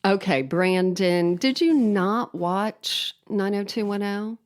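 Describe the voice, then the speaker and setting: Woman, podcast co-host, unhurried delivery, dry deadpan humor, casual chat. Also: medium pitch. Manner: wry, deadpan joking with laughs.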